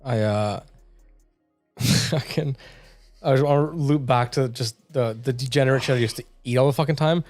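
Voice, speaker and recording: A man's voice: mid-range voice, normal speed, a little mellow, dry recording. Loose, casual young man, faint music. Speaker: podcast co-host. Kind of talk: casual comedy podcast chat.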